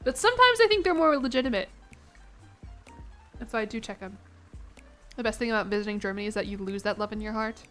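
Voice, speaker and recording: A woman's voice: fairly high pitch, lively intonation, quick pace, long pauses, a bit bright, faint music behind. A young woman streaming a game, rambling and giggling as she chats with her viewers. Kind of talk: casual chat to a live chat.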